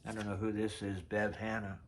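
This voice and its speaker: A man in his sixties vlogs about old notes from his past, speaking fairly quickly in a lowish, level voice against slight background noise. His reminiscing is chatty and rambling, and he tends to drift off mid-thought.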